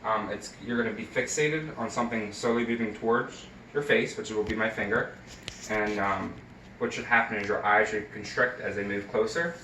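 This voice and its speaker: A man's voice: lowish voice, pushed and bright, distant mic, slight background noise. A young man, a nursing student, talking through a health exam step by step with frequent ums and uhs. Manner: hesitant, many fillers, explains each step. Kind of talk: recorded skills demonstration. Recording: echoey room, voice from off-mic.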